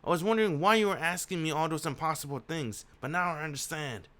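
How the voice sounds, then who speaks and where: A man's voice: quick pace, a bit bright, close to an everyday voice. A man voicing a playful female vampire princess as he reads a visual novel aloud, lifting his voice for her lines. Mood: indignant. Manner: raised-pitch reading of her lines.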